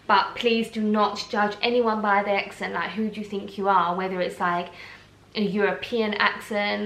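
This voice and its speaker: A woman's voice: mid-range voice, fairly bright tone. A woman from Essex with an Essex accent, a blogger ranting to camera in a chatty, indignant way full of fillers. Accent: Essex English. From Essex, England. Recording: roomy echo.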